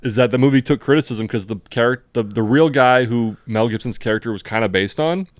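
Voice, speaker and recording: A man co-hosting a casual podcast, retelling scenes with animated acted-out quotes. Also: medium pitch, fairly quick, dry recording, studio quality. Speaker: podcast co-host.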